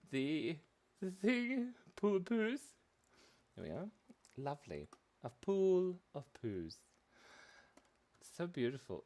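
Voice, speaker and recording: A young man hosts a children's drawing livestream with a goofy, chatty delivery. His pitch bounces all over the place as he jokes with his viewers while he sketches. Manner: silly, giggly, chatty, addresses viewers. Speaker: kids' drawing livestream host. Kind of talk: playful live drawing chat.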